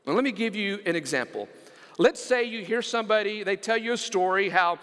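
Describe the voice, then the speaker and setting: High, bright-voiced preaching pastor. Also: male voice, fairly quick, clear, resonant tone. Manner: animated preaching, repeats words, asks the congregation to respond. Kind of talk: sermon. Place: church sanctuary. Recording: long church hall reverb.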